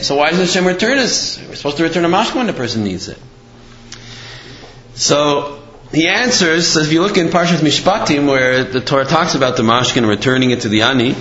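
A man teaching a religious lesson in an animated, conversational way, telling stories to make his points. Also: on the high side. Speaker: Torah teacher. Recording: roomy, slightly dull recording with faint noise.

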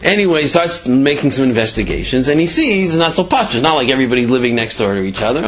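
Man, casual storyteller, rambling, lots of fillers, medium pitch, slightly dull lo-fi recording. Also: expressive, fast, few pauses. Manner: rambling, heavy on fillers and asides.

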